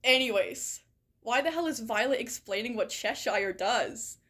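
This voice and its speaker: A woman with a slightly high voice talks in a loose, rambling way and keeps dropping "like" and "right?" into her sentences. She reads out viewer stories as she chats, cursing freely. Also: expressive, a little slow, a bit bright. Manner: rambling and chatty, with many "like" and "right?" asides and frequent swearing. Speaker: streamer reading viewer stories. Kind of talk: casual chat.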